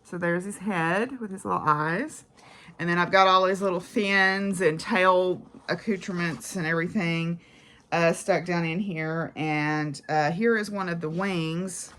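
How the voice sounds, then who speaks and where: Chatty woman with a bright voice. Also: lowish voice, fairly even intonation, a little slow. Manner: chatty, rambling, frequent "uh" and "so". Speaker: crafting vlogger. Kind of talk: casual chat about craft projects.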